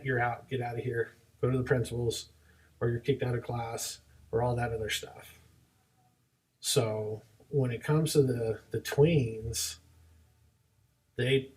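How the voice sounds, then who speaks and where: Young guy telling teaching stories, does all the voices, mid pitch, sits back from the mic. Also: far from the mic, low-quality recording. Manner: animated storyteller, acts out both sides of dialogues. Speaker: martial arts instructor, podcast co-host. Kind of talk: casual chat.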